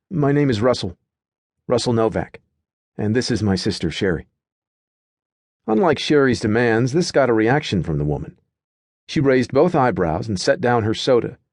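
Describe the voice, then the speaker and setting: Reading a scripted audiobook, a mid-range male narrator tells the story steadily and with measured delivery, captured at studio quality with no room sound.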